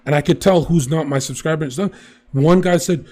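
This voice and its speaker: A man in casual podcast chat, telling stories in an animated way and swearing freely. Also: high voice, a little fast.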